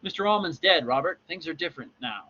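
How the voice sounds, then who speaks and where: A man's voice: a little high, expressive, quick pace, sharp tone, a little hiss or hum, voice pushed up. A male lecturer voicing a threatening police boss from a graphic novel, speaking with cold contempt, on a dull recording. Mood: menacing.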